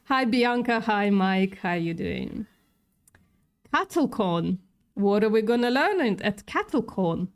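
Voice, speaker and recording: A woman's voice: mid-range voice, expressive, slow. A woman livestreaming in casual chat, sarcastic and swearing freely, with a non-native English accent.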